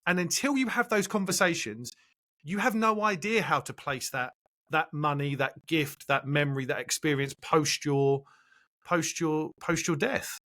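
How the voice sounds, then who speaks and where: A male podcast host thinking out loud and reflecting on the guest's story. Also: fairly high pitch, unhurried. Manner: thoughtful, repeats himself while building a point. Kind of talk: conversational interview.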